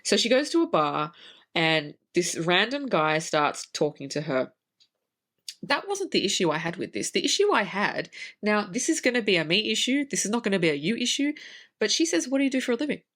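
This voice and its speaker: Australian woman, podcast co-host, casual movie review chat, swears a lot, pitch all over the place. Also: normal speed. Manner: animated, swears freely, ranting.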